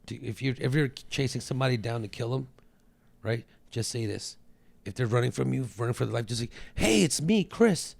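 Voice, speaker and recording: A man's voice: mid-range voice, steady tone, fast talker, vocal fry, a little mellow. A man guesting on a podcast, chatting casually and teasing his host with playful jokes. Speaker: comedian guest. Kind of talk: casual chat.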